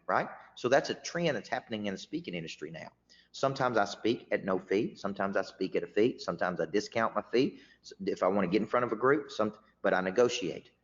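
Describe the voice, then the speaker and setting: A man hosting a motivational webinar as a business coach, emphatic and often restarting his words. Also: on the low side. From Tennessee. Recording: muffled webinar audio with long reverb.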